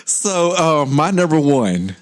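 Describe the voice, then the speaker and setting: A man's voice: a little high, sing-song, takes it slowly. A man, co-hosting a comedy podcast, telling stories playfully and laughing often. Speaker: podcast co-host. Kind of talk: casual comedic chat.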